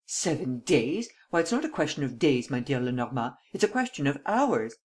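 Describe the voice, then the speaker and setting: A brusque, demanding French prime minister presses for quick results, as an audiobook narrator reads his lines. He speaks in an insistent storybook manner with a slightly raised pitch. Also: big pitch swings.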